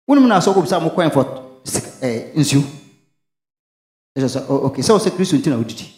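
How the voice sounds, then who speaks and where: A man's voice: a little high, sing-song, moderate pace, darkish tone, reverberant. A man, preaching a sermon and asking questions for the congregation to finish, mixing in local phrases. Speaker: pastor. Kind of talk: call-and-response sermon.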